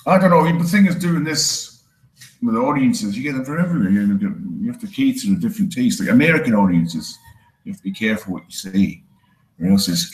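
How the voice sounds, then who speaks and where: Deadpan Scottish man doing stand-up. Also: brisk, roomy sound, low-quality recording. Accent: Scottish with a Canadian tinge. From Scotland. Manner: deadpan, crude, self-mocking, breaks into high mocking voices for quoted people. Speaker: stand-up comedian. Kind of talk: stand-up comedy set.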